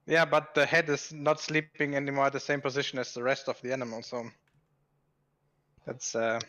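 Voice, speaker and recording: Deadpan man on slightly dull audio. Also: mid-range voice, normal speed, long pauses. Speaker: video commentator. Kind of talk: joking group commentary.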